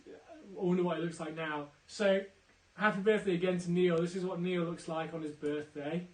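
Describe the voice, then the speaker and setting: Male quiz host, bright and chatty, high voice, roomy off-mic sound. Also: recorded from a distance. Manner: chatty, upbeat, teasing shout-outs. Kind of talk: live-streamed quiz banter. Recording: roomy, off-mic, faint music.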